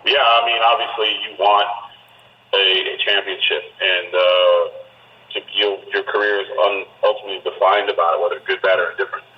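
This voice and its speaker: A man being interviewed over the phone, talking quietly and calmly, a guest who says he is just not a yeller. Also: low voice. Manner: quiet, unhurried, never yells. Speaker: guest, pro wrestler. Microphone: telephone. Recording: dull phone line.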